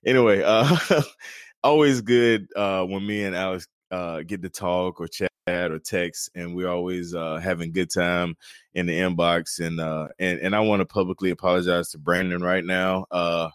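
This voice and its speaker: A man's voice: deep voice, flat delivery, normal speed, smooth, no room sound, studio quality. A man hosting a podcast, talking in a laid-back, joking way and laughing often. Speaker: podcast host. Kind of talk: casual podcast conversation.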